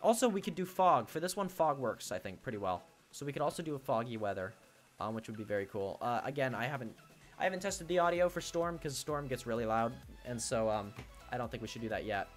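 A man's voice: medium pitch, big pitch swings, fast talker, soft background music. Chatty teen boy streaming a game. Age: teens. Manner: chatty, greets viewers, thinks aloud. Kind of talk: casual live-stream chat. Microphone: desk mic he must face toward.

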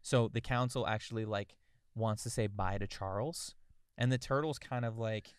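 A man's voice: on the low side, steady tone, moderate pace, smooth, dry recording, studio quality. A young adult man co-hosting a podcast, rambling and thinking aloud while brainstorming a story. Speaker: podcast co-host. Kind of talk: casual brainstorming chat.

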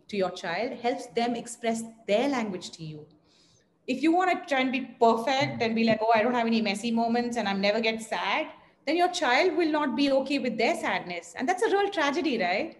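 An earnest woman with a fairly high voice talks about raising children and drives her points home with rhetorical questions. A faint hiss of noise sits under her voice. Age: adult parent. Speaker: guest speaker on yoga parenting. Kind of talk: online panel talk.

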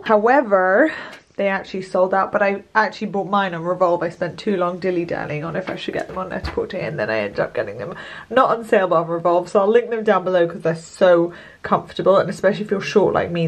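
A woman's voice: mid-range voice, gravelly. A woman chatting casually to camera in a vlog, gushing and peppering her talk with "like". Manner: chatty, gushing, fond of "like" and "so sweet". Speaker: lifestyle vlogger.

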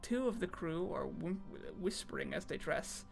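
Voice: medium pitch, expressive, normal speed, gravelly, soft background music. A streamer reading game text aloud on a casual stream, often stumbling over words and making fun of themself.

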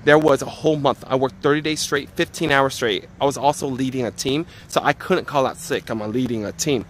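A man streaming live outdoors on a phone, chatting casually and joking loudly with viewers and family. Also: mid-range voice, fairly quick, a little hiss or hum. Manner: joking, loud, excitable banter. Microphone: handheld phone.

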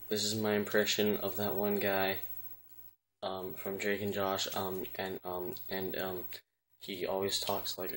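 A man presenting a joking impressions video as a YouTuber, with a deadpan delivery. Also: low voice, measured pace.

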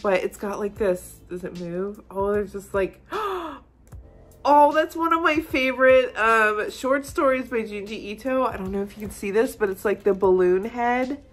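A woman's voice: medium pitch, measured pace, soft background music. A young woman gushing and gasping as she unboxes a gift for her vlog. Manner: gushing, excitable, frequent gasps and "oh my gosh". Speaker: manga vlogger. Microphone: phone camera.

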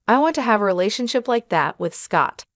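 A woman voicing a gentle young bride, soft and agreeable. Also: mid-range voice, lively intonation, fairly quick, no echo, clean studio sound, lightly acted. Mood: tender.

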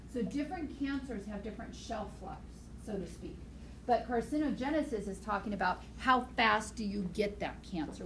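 A woman biology teacher lecturing her class in a chatty, animated way, mixing lessons with personal stories. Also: medium pitch, background noise. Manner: chatty, animated storytelling, talks to students directly. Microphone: iPad screencast recording.

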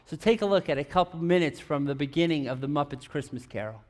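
Male pastor with a high-pitched voice, chatty preaching style with audience questions and teasing humor. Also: fast talker, darkish tone. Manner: chatty, asks the audience questions, many restarts; playful, teasing asides. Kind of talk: conversational sermon.

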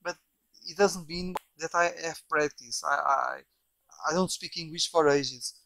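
An unhurried, rambling man from Portugal, a software developer whose native language is Portuguese, talks through software casually, constantly repeating words and restarting. His slightly high voice is creaky with a sharp tone. The recording is dry, made on a bad microphone.

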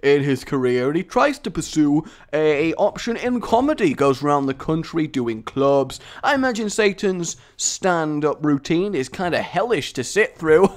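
A man's voice: on the high side, big pitch swings, normal speed, hardly any pauses. A man hosting gaming commentary, jokey, playful and self-mocking. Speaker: gaming video host. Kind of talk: Minecraft commentary.

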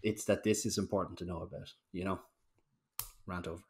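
A man's voice: low voice, steady tone, fairly quick, vocal fry, a little mellow. A man chats on a podcast about coaching at the gym. He tells stories in a loose, ranting way and swears freely. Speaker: podcast co-host, strength coach. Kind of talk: casual podcast chat.

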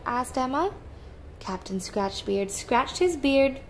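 A woman teacher reads a picture book aloud to young children in a gentle, expressive way. She takes her time over every line, with a faint hiss under her voice. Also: mid-range voice, unhurried.

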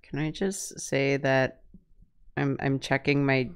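A man's voice: medium pitch, little pitch movement, slow pace, smooth. A man co-hosting a live drawing stream, talking in a laid-back way and laughing often. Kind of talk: casual chat on a live stream.

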